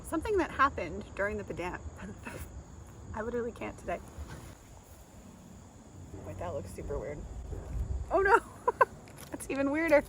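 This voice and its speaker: A woman's voice: medium pitch, very animated, measured pace, pauses often, noisy background. A woman vlogger chatting casually outdoors, rambling, giggling and tripping over her words. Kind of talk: rambling casual vlog talk.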